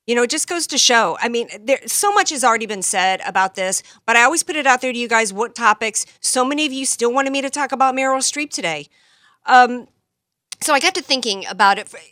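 A woman's voice: a little high, pushed and bright, dry recording, studio quality. Combative woman hosting a talk show. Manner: combative, sarcastic, rhetorical questions. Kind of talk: opinionated political monologue.

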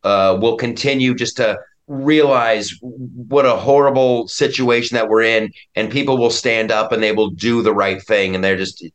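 A man's voice: fairly low pitch, fairly even intonation, normal speed, few pauses. A man speaking as a guest in a political talk-radio conversation, emphatic and prone to restarting his sentences.

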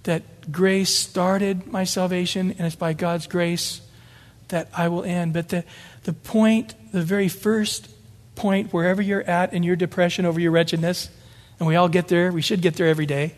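High-voiced pastor preaching in a hall. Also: male voice, level tone, moderate pace. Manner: earnest, emphatic preaching with repeated phrases. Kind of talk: sermon.

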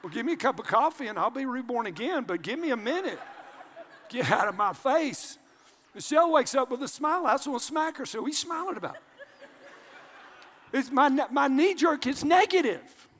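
An older man preaching a sermon as pastor, energetic and animated, jumping between loud shouts and hushed asides. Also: very high voice, a little fast, slight background noise. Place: large church sanctuary. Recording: long hall reverb.

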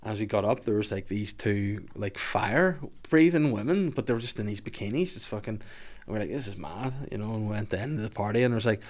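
A man's voice: lowish voice, fast. A man hosting a podcast, telling a wild story in casual chat, swearing often and laughing as he goes. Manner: swears a lot, laughs while telling stories. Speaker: podcast host.

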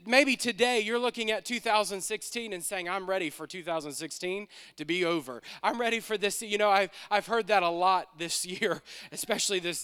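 Male pastor, sermon: high, bright, clear voice, impassioned repeating cadence, church hall reverb. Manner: impassioned, repetitive preaching cadence with slowed emphatic lines. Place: church sanctuary.

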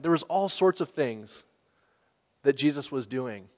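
A man preaching a sermon in a relaxed, conversational way, asking the listeners questions and laughing now and then. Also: mid-range voice, measured pace, long pauses. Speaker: pastor. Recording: long hall reverb.

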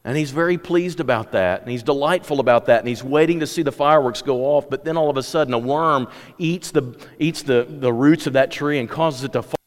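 A man's voice: medium pitch, fairly quick, hardly any pauses. A man preaching a sermon, conversational at times and rising to impassioned exhortation. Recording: long hall reverb.

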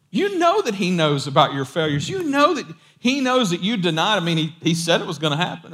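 A man preaching a sermon in a casual, animated storytelling way. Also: high voice, a little fast, few pauses.

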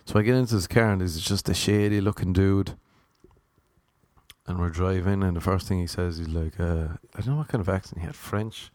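A man with a lowish voice talks alone into the mic, spinning casual anecdotes with a wry, self-mocking edge. The sound is close and dry, with no room around him. He meanders and circles back, like a podcast host chatting to his listeners. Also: fairly quick, a little mellow, no echo. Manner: rambling, wry, self-deprecating humour. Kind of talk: casual solo storytelling monologue.

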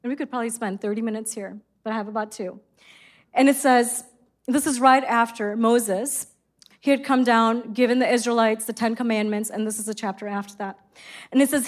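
A high-pitched middle-aged woman delivers a sermon in an earnest storytelling manner. She reads scripture and recounts a personal story. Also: fairly quick. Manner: earnest storytelling, exclaims in quoted excitement. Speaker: preacher.

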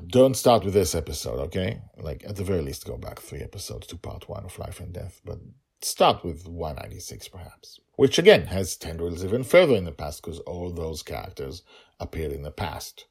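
Man, storyteller, very low voice, animated intonation, reflective. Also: breathy edge. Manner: reflective, emotional.

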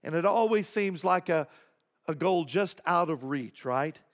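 A male pastor preaching a sermon, emphatic, repeating key phrases and swinging between low asides and raised points. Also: animated, a little slow, fairly bright tone.

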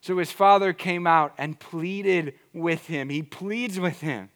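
A man's voice: sits high, takes it slowly, a bit bright. A man preaching a sermon as a pastor, earnest and emphatic, repeating his key points.

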